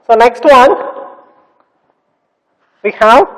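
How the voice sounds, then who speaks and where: A man with a high voice teaches a classroom lesson, going over words again and again and drawing out their sounds. His voice carries with a long reverb, as if in a large, hard-walled room. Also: lively intonation, fairly bright tone. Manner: slow, repetitive explaining with drawn-out sounds. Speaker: English teacher.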